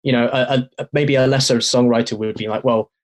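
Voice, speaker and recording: A man's voice: medium pitch, fairly even intonation, fairly quick. Thoughtful English man in a chat. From England. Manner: admiring, thoughtful, hesitant. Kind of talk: casual chat.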